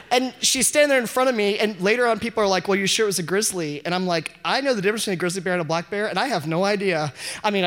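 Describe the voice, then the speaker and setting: Animated man telling a live story. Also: high-pitched. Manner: animated, self-mocking, laughs often. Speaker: audience member telling a story. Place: live event before an audience.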